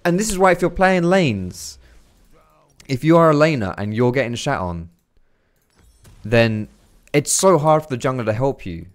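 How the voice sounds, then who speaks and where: A young man giving casual, swearing gameplay commentary, chatty and quick to laugh. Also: mid-range voice, sing-song. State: out of breath. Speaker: gaming commentator.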